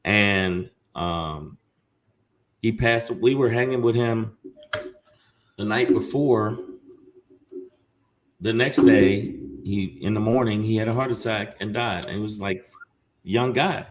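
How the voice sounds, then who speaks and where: A man's voice: fairly low pitch, slow pace, long pauses, a little hiss or hum. A man, a comedian guest, talking casually in an interview and joking, sometimes slipping into mock voices.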